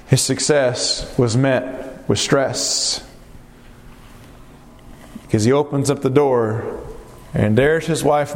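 A man's voice: mid-range voice, slight background noise. A male preacher delivering a sermon, stretching out phrases for emphasis and asking his listeners rhetorical questions. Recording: long reverb of a hall.

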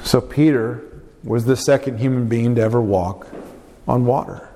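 A man preaching a sermon, animated and acting out the quotes he reads. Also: moderate pace, slight background noise. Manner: animated, acting out quotes with big pitch jumps. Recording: long hall reverb.

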